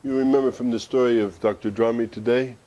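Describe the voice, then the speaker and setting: Fast-talking, mellow-voiced male teacher. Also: mid-range voice, fairly even intonation, muffled recording. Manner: conversational, with asides and restarts. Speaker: Sufi teacher. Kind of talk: storytelling discourse. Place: study center.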